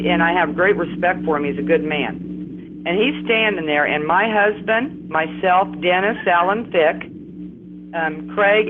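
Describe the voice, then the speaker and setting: A woman's voice: deep voice, slight background noise. A middle-aged woman, a guest on a phone-in interview, telling a long story in a rambling, indignant way with many restarts. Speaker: guest caller. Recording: tinny phone line.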